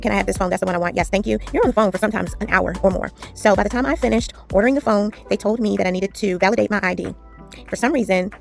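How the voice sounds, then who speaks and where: A woman chatting casually while she strings beads, telling a long story with lively retellings. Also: mid-range voice, creaky. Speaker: jewelry-making vlogger. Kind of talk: casual chat while beading.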